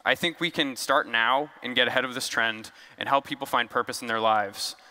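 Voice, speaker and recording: A man's voice: mid-range voice, moderate pace, pushed and bright, long reverb tail. A man giving a casual, joking conference talk on stage, loose and conversational with fillers. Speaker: conference speaker. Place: large conference hall.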